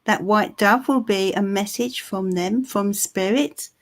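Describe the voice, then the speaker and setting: A woman giving a live psychic reading, soothing and reassuring, with frequent pauses and restarts. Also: medium pitch. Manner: soothing, reassuring, calls the listener "my love"; halting, with many ums and restarts. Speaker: tarot reader.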